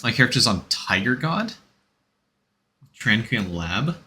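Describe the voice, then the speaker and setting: A man's voice: lowish voice, lively intonation, fairly quick, sharp tone. A man streaming a game, chatting casually and rambling as he answers chat and gives game tips.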